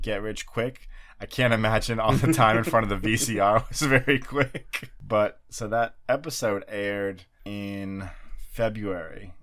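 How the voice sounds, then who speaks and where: Podcast guy with a lowish voice telling a story, laughs a lot. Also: fairly bright tone. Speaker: podcast co-host. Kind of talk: casual chat.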